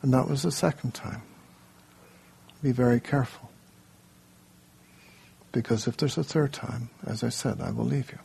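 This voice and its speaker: A man voicing a wise wife who firmly warns her husband, in his own gravelly, husky voice. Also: medium pitch, moderate pace, long pauses, a little mellow, heavily acted. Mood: calm stern.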